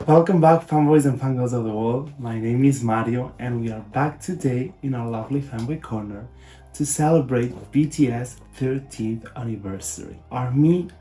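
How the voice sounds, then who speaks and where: A young man hosting a fan vlog, talking casually in a soft, lower-toned way and sounding deeply emotional. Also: normal speed. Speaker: fan channel host. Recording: roomy echo with faint music behind.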